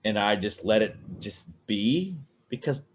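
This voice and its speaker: Rambling, cursing man, lowish voice. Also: animated, unhurried, slight background noise. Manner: rambling, profane, many restarts. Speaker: podcast co-host. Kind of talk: casual drunken chat.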